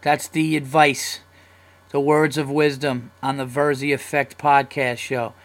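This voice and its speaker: A young man hosting his own podcast, talking in a loose, profane, rambling way that gets excitable. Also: medium pitch, measured pace. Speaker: podcast host. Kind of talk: casual solo podcast rant.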